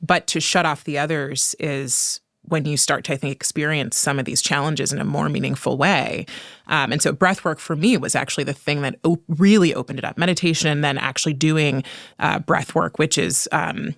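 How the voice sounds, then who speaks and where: A woman's voice: sits low, a bit bright, no echo, clean studio sound. A woman hosting a podcast interview, agreeing readily and thinking aloud as she shares her own view. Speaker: podcast host. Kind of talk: conversational interview.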